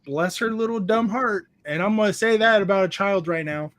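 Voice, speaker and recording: A man with a notably high speaking voice hosts a relaxed card-collecting chat. He tells his stories animatedly and lifts his voice to act out what others said. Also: normal speed. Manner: animated, acts out quotes with a raised voice. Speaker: podcast host. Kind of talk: casual chat, storytelling.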